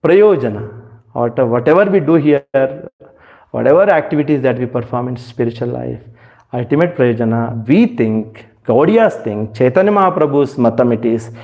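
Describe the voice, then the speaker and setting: A man's voice: medium pitch, moderate pace, vocal fry, highs cut off. A man giving a devotional talk, searching for words with many fillers and asking rhetorical questions. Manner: rhetorical questions, rising emphasis. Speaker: spiritual speaker.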